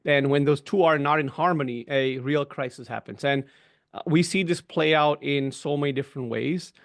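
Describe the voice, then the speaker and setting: A man's voice: on the high side, normal speed, vocal fry. Man explaining things on a video call. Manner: explanatory, often adds "right?" and "you know". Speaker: webinar guest. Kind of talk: conversational webinar discussion.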